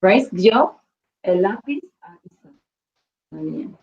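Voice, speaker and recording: A woman's voice: mid-range voice, lively intonation, slow, a little mellow, muffled recording. A woman teaching a Spanish class, patiently quizzing students and repeating their answers.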